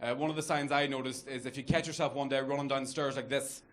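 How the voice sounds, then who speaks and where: Crude Northern Irish stand-up comic. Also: male voice, mid-range voice, fairly even intonation, quick pace, very noisy. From Northern Ireland. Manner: crude, self-mocking banter with the crowd. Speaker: stand-up comedian. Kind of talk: stand-up comedy set. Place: comedy club stage, laughing audience. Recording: live club recording with loud crowd. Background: audience laughter.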